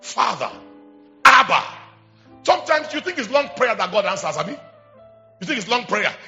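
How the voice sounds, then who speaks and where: Shouting high-voiced Nigerian bishop. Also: male voice, very animated, fairly quick, highs cut off, soft background music. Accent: Nigerian English. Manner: shouting, call-and-response, repetitive. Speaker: bishop preaching. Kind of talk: charismatic sermon.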